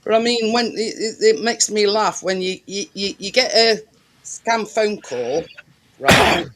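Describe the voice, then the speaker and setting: A man in casual group chat, speaking haltingly and repeating his words. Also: high voice, a bit bright, slight background noise. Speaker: chat participant.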